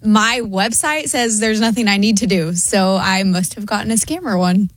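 A woman's voice: medium pitch, normal speed, no echo. A woman in a casual chat, earnestly telling her own experience.

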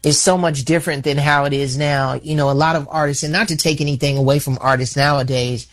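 A man in his forties from Chicago, a singer talking casually in an interview, animated and often restarting his sentences. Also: fairly high pitch, quick pace. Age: 40s. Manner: animated, repeats words when starting sentences. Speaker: singer guest.

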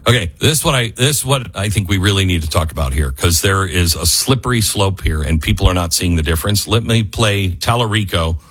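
A man hosting a radio talk show, delivering an impassioned political monologue that climbs to near-yelling in frustration. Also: deep voice, expressive, brisk, few pauses, breathy edge. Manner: rising to near-yelling, fiery and exasperated. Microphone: studio microphone.

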